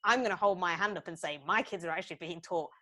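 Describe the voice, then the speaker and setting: A woman's voice: on the low side, quick pace. A woman, chatting casually on a podcast and acting out the people in her stories. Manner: animated storyteller, acts out voices, swears freely.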